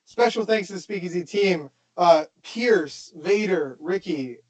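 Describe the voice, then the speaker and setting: A man's voice: sits high, animated, unhurried, darkish tone, low-quality recording. A man hosting a casual podcast, chatting loosely with some swearing and reading out the show plugs. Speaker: podcast host.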